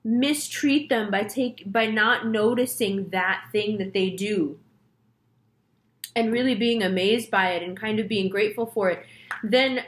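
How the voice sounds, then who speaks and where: Young woman, tarot reader, casual chat, lively storyteller, quotes people in voices. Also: mid-range voice, measured pace. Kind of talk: casual monologue to camera.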